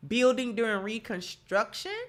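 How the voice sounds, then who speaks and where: A woman's voice: a little high, normal speed. A woman hosts a live stream in a chatty, emphatic way, greeting viewers one by one. Her nose is stuffy from allergies, which gives her voice a blocked, congested sound. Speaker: channel host. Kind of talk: live-stream talk, reading viewer comments.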